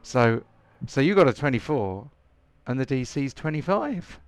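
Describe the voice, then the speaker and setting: A man's voice: mid-range voice, big pitch swings, measured pace, no echo. A man running a tabletop game as game master, chatty and full of hesitant fillers. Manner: chatty, hesitant, lots of ums. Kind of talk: casual tabletop game narration.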